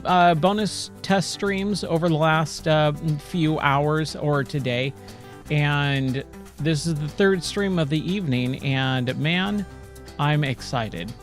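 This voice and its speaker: A man hosting a let's-play stream, upbeat and chatty with fillers. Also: fairly high pitch. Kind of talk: casual let's-play commentary. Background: game music.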